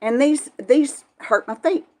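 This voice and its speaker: A woman's voice: sits high, slow pace. An older woman, chatting casually on a live stream and answering viewers by name in a folksy way. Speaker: vlog host reading live chat.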